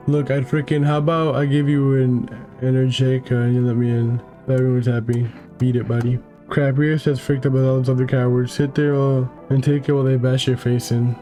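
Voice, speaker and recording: A bitter, angry resident in a horror game, read by a man. He rants gruffly in a mellow, low-key voice over faint music. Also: natural voice. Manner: gruff, ranting.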